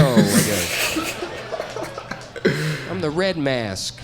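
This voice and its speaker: A middle-aged man doing a stand-up comedy set, rambling and deadpan, laughing at his own jokes. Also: medium pitch, normal speed, heavy background noise.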